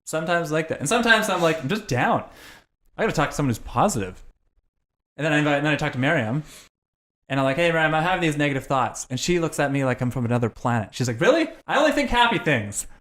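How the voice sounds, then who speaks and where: A man's voice: on the high side, lively intonation, fast talker, a bit bright. A man, a podcast guest telling candid, profane, self-reflective stories in casual conversation.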